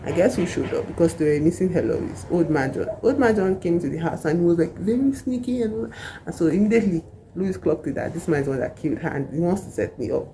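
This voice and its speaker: A woman's voice: on the low side, lively intonation, fast, dark tone, slight background noise, rough recording. A woman, casually retelling a novel's plot in a rambling way full of asides. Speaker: book reviewer.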